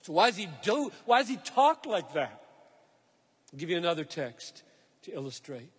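A male preacher with a notably high voice delivers an earnest, emphatic sermon. He slows down to lean on key phrases as he explains scripture. His voice carries a long reverb from a large hall. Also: sing-song, breathy edge.

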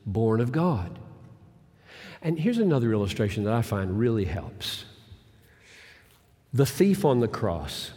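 Slow, dramatic preacher in a reverberant hall. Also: male voice. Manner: dramatic swings from booming emphasis to hushed near-whisper. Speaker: pastor. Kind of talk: sermon.

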